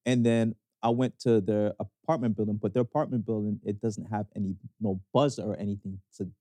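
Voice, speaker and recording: A man's voice: a little fast, dry recording. A man with a Canadian accent co-hosting a podcast, telling stories expressively in casual chat. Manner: expressive storyteller, drops into low voices for quotes. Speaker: podcast co-host.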